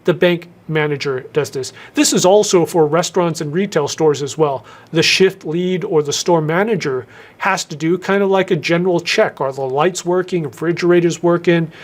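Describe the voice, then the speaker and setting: A man hosting a career advice video in a casual to-camera talk, who speeds up and then slows down with deliberate pauses and stressed words. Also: a little high. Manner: shifts tempo, talks fast then slows with pauses and emphasis. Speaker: YouTube host giving career advice.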